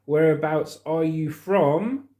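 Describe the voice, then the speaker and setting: A man's voice: on the high side, slow, warm tone. A middle-aged man from the UK hosting a casual livestream, joking and reading viewer comments aloud. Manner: chatty, jokey, reads comments aloud. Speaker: livestream host.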